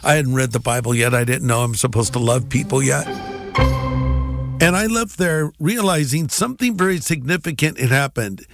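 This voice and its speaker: A pastor telling his personal testimony in an animated way, acting out the dialogue. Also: mid-range voice, normal speed, vocal fry, soft background music.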